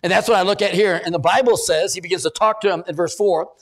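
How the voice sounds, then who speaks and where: A middle-aged male pastor preaching a sermon in a church, animated, often repeating words and putting questions to the congregation. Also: sits high, fast talker.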